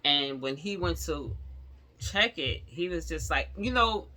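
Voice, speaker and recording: A middle-aged woman tells her own story straight to her viewers in a vlog. Her voice is very bright and cutting, and she tells it animatedly, acting out what the other people said. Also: deep voice, animated, unhurried. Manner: acts out the others' lines in the story. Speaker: vlogger. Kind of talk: personal storytelling to camera.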